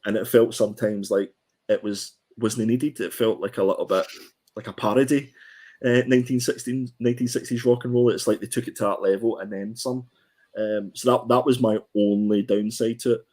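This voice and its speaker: Guy, lowish voice, chatty comic review, lots of ums and restarts. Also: fairly even intonation, a little fast, dark tone. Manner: hesitant, many ums and restarts. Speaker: comic book podcast co-host. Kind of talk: casual review chat.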